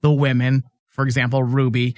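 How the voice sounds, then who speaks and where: A man's voice: medium pitch, flat delivery, normal speed, darkish tone, dry recording. A man with a mid-range voice chats as a podcast co-host, easygoing and a little teasing. He fills his sentences with "you know" and small hesitations. The sound is dry and close to the mic. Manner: chatty, hesitant fillers, teasing. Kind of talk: casual episode discussion.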